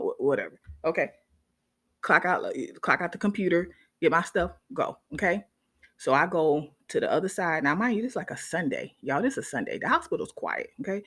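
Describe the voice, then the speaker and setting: A woman, a nurse, telling a story casually to her viewers in an animated way, often checking in with them. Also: on the low side, a little fast, slightly rough.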